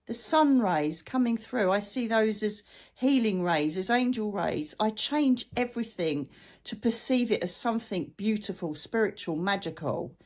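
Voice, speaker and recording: A woman's voice: medium pitch, animated, normal speed. A woman hosts her own vlog and chats in a loose, rambling way. She tells everyday stories with heartfelt gratitude while coping with a chronic illness. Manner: chatty, rambling, warm-hearted anecdotes. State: chronic illness, brain fog. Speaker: spiritual channel host. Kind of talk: casual heartfelt vlog chat.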